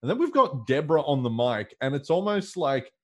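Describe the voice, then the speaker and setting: A man's voice: a little high, sing-song, normal speed, a little mellow. Man, podcast co-host, casual chat, joking, laughing asides.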